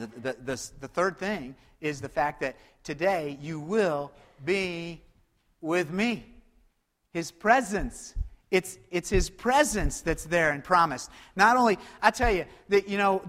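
A man preaching a sermon, swinging between loud exclamations and hushed, quiet lines. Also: high voice. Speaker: pastor. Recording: long hall reverb.

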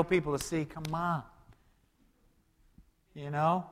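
Male pastor, slightly high voice, chatty sermon delivery, long hall reverb. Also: moderate pace, pauses often. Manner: conversational preaching with rhetorical questions and wide swings in loudness.

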